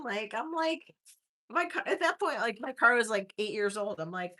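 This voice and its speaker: Her voice a little high and sharp, with lively intonation at normal speed, a middle-aged woman hosts a vintage jewelry sale live. She chats and tells stories in a rambling way, sprinkling in many "like"s, laughing easily, and calling out auction bids.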